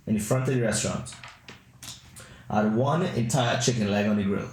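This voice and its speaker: A man hosting a podcast who tells rambling, animated comic anecdotes. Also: fairly low pitch, moderate pace. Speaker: podcast host. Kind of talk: comedic storytelling. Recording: roomy echo.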